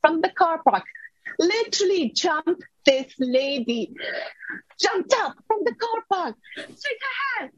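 A woman's voice: extremely high pitch, expressive, slow, dry recording. A woman in her thirties, a podcast guest, earnestly recounting a personal story in a dull lo-fi recording.

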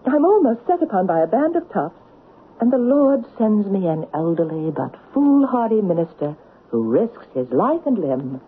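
A woman's voice: medium pitch, slightly rough, narrow, tinny audio. An actress playing a poised, gracious newly married lady with a teasing, lilting way of speaking, in an old radio drama. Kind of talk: 1940s radio acting. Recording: scratchy old radio broadcast with faint hiss.

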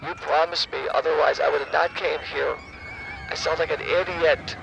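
A man's voice: on the high side, steady tone, moderate pace, creaky, over music, rough recording. A man producing a comedy podcast who chimes in with silly, whiny nonsense. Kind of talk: improvised comedy podcast banter.

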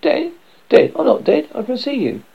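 Guy putting on a freaked-out young guy just back from the dead, voice jumping way up, gravelly and husky, dull lo-fi sound. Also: very high voice, wildly swooping pitch, moderate pace, pitched above the performer's own voice, heavily acted. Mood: panicked. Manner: frantic, repeating himself. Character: panicked young man, nineteen, just revived from death. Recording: dull lo-fi recording.

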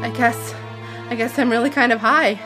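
A woman's voice: a little high, fairly even intonation, moderate pace, over loud music, close to an everyday voice. Frightened teen girl, a woman reading her out, voice goes up. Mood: anxious. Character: scared teenage girl trying cocaine.

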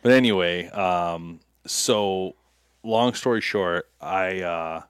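Low-ish guy on a podcast, chatty storyteller, laughs a lot, dry mic. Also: slow pace, clean tone, no room sound. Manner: animated, laughs through his stories. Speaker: podcast co-host. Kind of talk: casual storytelling chat.

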